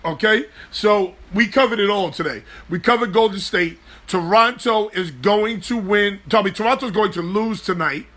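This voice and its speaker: Guy hosting a live sports show, high bright voice, loose and jokey. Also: normal speed, hardly any pauses. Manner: animated, loose and joking, swears freely. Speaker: host.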